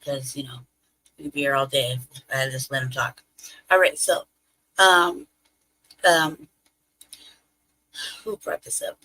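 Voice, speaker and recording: A woman's voice: rumbling low, a little slow, long pauses, bright, forceful tone, poor audio. A woman hosting a live stream in casual commentary, chatty, laughing often and trailing off mid-thought.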